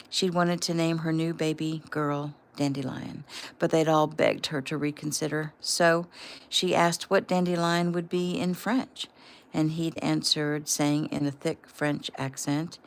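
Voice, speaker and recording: A woman casually reading aloud from her own novel, relaxed and unpolished, with the odd slip. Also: low voice, unhurried. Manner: relaxed and unpolished, with small slips.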